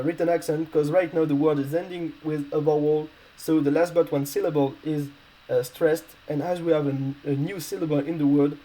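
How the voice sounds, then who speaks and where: Halting, mellow-voiced male language tutor. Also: fairly high pitch, low-quality recording. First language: not English. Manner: hesitant, halting, many fillers and self-corrections. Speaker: language teacher. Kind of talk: explaining grammar rules.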